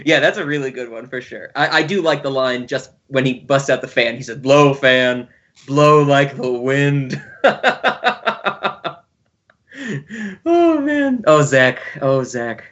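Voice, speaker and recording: A man's voice: mid-range voice, big pitch swings, normal speed, hardly any pauses, a bit bright. Playful teasing man, lo-fi audio. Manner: playful, teasing, laughs often. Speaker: podcast host. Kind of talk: casual chat.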